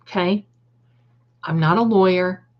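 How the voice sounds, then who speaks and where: A chatty woman with a fairly low voice hosts a casual livestream, reading the chat aloud and calling her viewers darling. She drifts into snarky, opinionated asides. The audio is dull and lo-fi. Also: unhurried. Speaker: livestream host.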